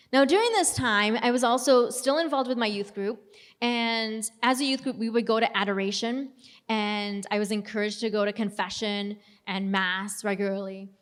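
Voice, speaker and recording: A young adult woman giving an earnest personal faith testimony in a conversational storytelling manner. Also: a little high. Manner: earnest, conversational, reenacts dialogue. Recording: long hall reverb.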